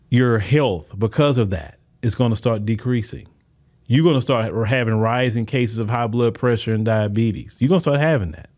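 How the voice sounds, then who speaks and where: A man's voice: medium pitch, a little mellow. A man hosting a podcast, delivering a fiery political commentary monologue that speaks straight to his listeners, often repeating and restarting his words. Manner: fiery, preaching, addresses listeners directly. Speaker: podcast host.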